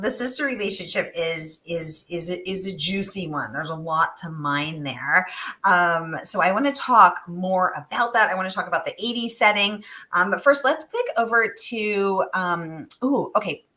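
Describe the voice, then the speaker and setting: Brief: enthusiastic woman event host, bright and lively, video call. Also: medium pitch. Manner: enthusiastic, upbeat greetings. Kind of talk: livestreamed book event conversation.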